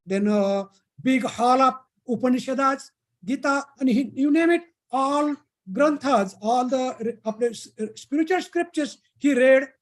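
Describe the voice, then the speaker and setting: A speaker from India, telling a folk tale to young people at a summer camp, halting and restarting often. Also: high voice. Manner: halting, many pauses and restarts. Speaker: storyteller at a youth camp.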